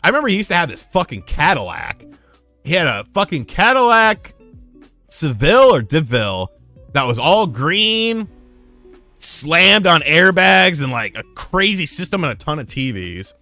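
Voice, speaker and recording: A man's voice: on the high side, big pitch swings, moderate pace, sharp tone, no echo, soft background music. A man in his thirties hosting a casual livestream. He tells rambling, profane stories and thanks new members as they join. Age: 30s. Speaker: streamer.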